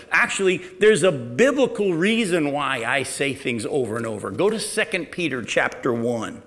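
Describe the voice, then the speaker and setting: Middle-aged pastor, slightly high voice, easygoing storytelling sermon. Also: male voice. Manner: conversational storytelling, sometimes drops to a quiet, low delivery.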